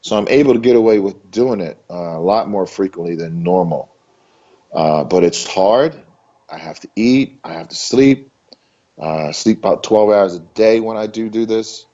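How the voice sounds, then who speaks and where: A man's voice: on the low side, lively intonation, normal speed, mellow, highs cut off. A man being interviewed, talking casually and emphatically, repeating himself for stress in a loose, conversational way. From Maryland. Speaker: interview guest, bodybuilder.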